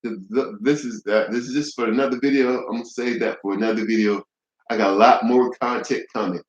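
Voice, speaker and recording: A man's voice: medium pitch, steady tone, a little fast, reverberant, dull audio. A young man delivering a blunt, profane, heated monologue to camera, with frequent restarts. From United States. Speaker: vlogger.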